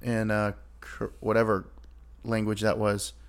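A man's voice: on the low side, measured pace, clear, resonant tone. A man with an American accent co-hosting a podcast, joking and sarcastic in loose banter. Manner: joking, sarcastic, animated storytelling. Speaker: podcast co-host.

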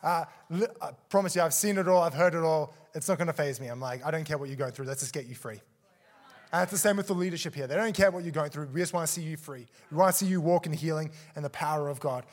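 A man's voice: on the high side, fast talker. A man preaching in a church service, telling a story and acting out the people in it with gasps and laughs. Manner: animated, acts out quotes with gasps and laughs. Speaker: guest preacher. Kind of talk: sermon storytelling.

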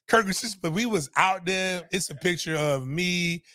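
Man in his middle years, podcast storyteller, profane and animated, a bit high-pitched, dry close mic. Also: moderate pace, few pauses, no echo. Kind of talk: casual storytelling.

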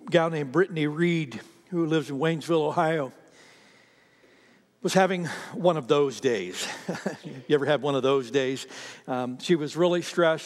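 A man delivering a sermon with earnest storytelling, turning again and again to address the people in front of him. His voice sits a little high for a man, and a long reverb trails after it through a large hall. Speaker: pastor.

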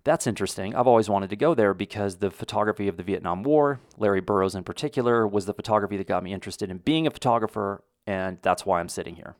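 Middle-aged American man, podcast host, low voice, dry close mic, rambling casual talk. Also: fast, few pauses, dry recording. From United States. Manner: conversational, rambling with restarts. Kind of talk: casual monologue.

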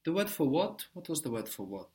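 A man's voice: on the high side, very animated, a little fast, darkish tone. A man teaching a spoken language lesson, patiently explaining step by step and prompting his learner.

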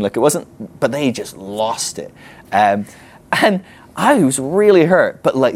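Young man, ministry teacher, casual storytelling talk with acted-out dialogue, middle pitch, lots of ums. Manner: conversational storyteller, acts out quoted dialogue, many fillers.

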